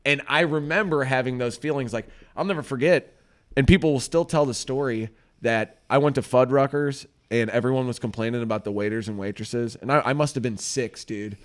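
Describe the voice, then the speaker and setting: A middle-aged man co-hosting a casual chat show, telling family stories in an animated way, acting out quotes and swearing freely. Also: medium pitch, a little fast. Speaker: co-host.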